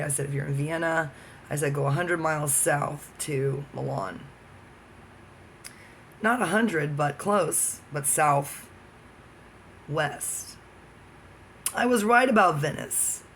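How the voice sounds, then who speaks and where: Male vlogger, somewhat high and gravelly, rambling profane solo rant. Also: fairly bright tone, slight background noise. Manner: profane, jumping from topic to topic.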